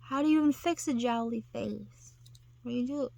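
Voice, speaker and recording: A woman's voice: a little high, normal speed, gravelly, warm tone, dry recording. A woman vlogger chatting casually to her camera, rambling and self-deprecating with lots of restarts.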